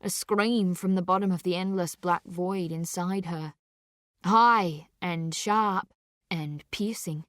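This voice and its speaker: A woman narrating a dark story with dramatic, deliberate delivery. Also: fairly low pitch, steady tone, no room sound, clean studio sound. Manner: slow, intense, deliberate delivery.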